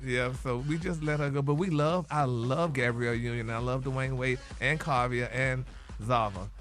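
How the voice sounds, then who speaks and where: A man's voice: mid-range voice, steady tone, normal speed, fairly bright tone, soft background music. A man dishing celebrity gossip on a morning radio show, sassy and calling everyone honey and baby. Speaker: radio co-host, gossip segment.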